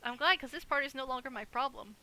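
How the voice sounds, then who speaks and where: A woman's voice: high-pitched, fast talker, bright, forceful tone, poor audio. A woman guest chatting casually on a stream, upbeat and teasing. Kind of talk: casual chat.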